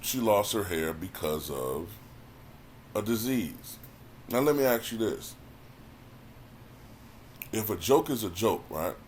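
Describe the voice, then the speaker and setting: Deep-voiced guy casually reviewing a comedy special, chatty, stumbles over words a bit, faint hiss behind. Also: animated, slow pace, long pauses. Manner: conversational, repeats words when thinking, frequent "you know what I'm saying". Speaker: YouTube commentator reviewing a stand-up special.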